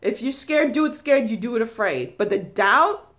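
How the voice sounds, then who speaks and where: A woman with a New York accent giving an emphatic spiritual talk, repeating herself and rising into high, forceful tones. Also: lively intonation, normal speed. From New York City. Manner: emphatic, repetitive, high-pitched bursts. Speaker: spiritual channel host.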